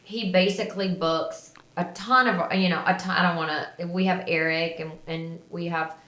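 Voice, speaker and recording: A woman's voice: on the low side, fairly even intonation, normal speed, fairly bright tone, reverberant. A woman co-hosting a podcast, chatting in a rambling, self-deprecating way. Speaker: podcast co-host. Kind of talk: casual chat.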